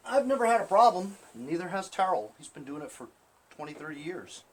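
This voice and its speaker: A chatty man walks viewers through a lawn tractor repair in a workshop, his pitch rising and falling a lot as he talks. Faint ambient noise hangs behind him. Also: very animated, a little fast. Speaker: small-engine repair vlogger. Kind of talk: casual hands-on repair demonstration.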